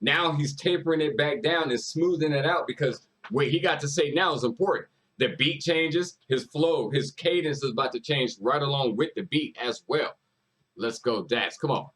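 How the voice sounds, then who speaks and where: A man's voice: on the high side, moderate pace, a bit bright, low-quality recording. A man hosting a music reaction video, talking casually and emphatically, repeating lyrics and hyping up the artist.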